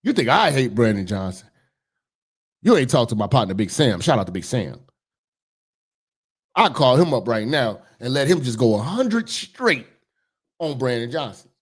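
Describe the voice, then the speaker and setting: Heated profane man ranting, lively pitch. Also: normal speed, pauses often, breathy edge. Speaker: commentary host. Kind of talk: ranting commentary.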